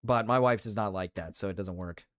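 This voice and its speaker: A man's voice: lowish voice, a little fast, dry recording, clean studio sound. A young man streaming live, ranting casually with lots of swearing and repeated phrases. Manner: ranting, profane, repeats himself. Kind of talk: casual livestream rant.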